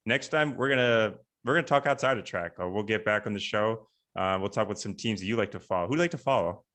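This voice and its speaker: A young man hosts a casual chat by video call, his voice sitting a little low. He talks in a relaxed, halting way and leans on fillers and restarts. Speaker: podcast host.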